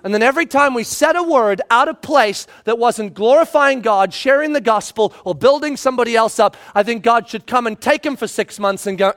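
A middle-aged male pastor delivers a sermon in a strikingly high voice. He tells family stories with energy, acting out the voices and raising to a shout for emphasis. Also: fairly quick, hardly any pauses. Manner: animated storytelling, acts out voices and shouts for effect.

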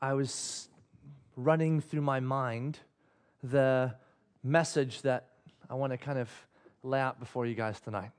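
A man in his thirties preaching a sermon, telling a family story with animated, emphatic delivery. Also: mid-range voice, unhurried, long pauses, smooth. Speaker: pastor.

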